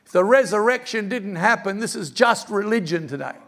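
A man's voice: sits high, expressive, brisk, fairly bright tone. A middle-aged man, preaching an earnest, personal sermon in a church and quoting scripture. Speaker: pastor.

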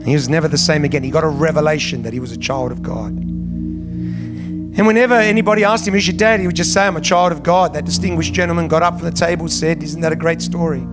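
A man's voice: on the high side, fast talker, loud music behind the voice. A man preaching as a pastor, with rising emphasis, then telling a long illustrative story. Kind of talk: sermon.

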